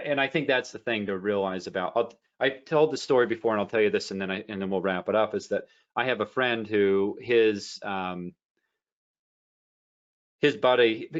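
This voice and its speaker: A low-pitched man talking casually about trading, wandering through a story with lots of ums and restarts. The sound is a bit dull and lo-fi. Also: fairly bright tone. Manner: rambling storyteller with many fillers and restarts. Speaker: trading educator. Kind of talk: casual teaching talk.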